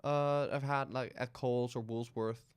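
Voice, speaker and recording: A man's voice: mid-range voice, steady tone, moderate pace, clear, resonant tone. Man hosting a casual chat. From Netherlands. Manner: curious, teasing questions. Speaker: podcast host.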